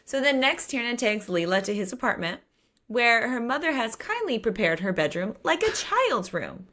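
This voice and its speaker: A woman's voice: on the high side, sing-song, normal speed, pushed and bright. A woman co-hosting a podcast, casually recapping a novel's plot in a chatty way. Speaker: podcast co-host. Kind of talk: casual book discussion.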